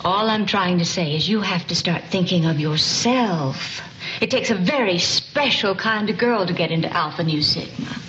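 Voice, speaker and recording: A woman's voice: on the low side, moderate pace, a bit bright, close to an everyday voice. An actress playing a sweet-talking, manipulative middle-aged mother with a Southern twang, in a dull, hissy old film recording. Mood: coaxing. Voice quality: sweet, tactful, honeyed twang.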